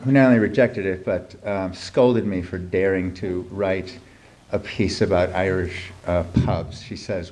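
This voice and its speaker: Middle-aged writer, deep voice, dry wry delivery, reads at a live event with faint noise. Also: male voice, measured pace, a little mellow. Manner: dry, wry, with many ums. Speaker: writer reading his piece. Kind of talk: humorous live reading. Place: live reading event before an audience.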